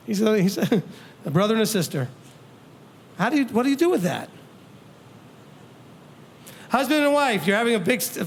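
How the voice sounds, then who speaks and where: High-voiced man teaching a congregation. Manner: animated, acts out quoted people and questions the audience. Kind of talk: conversational teaching talk.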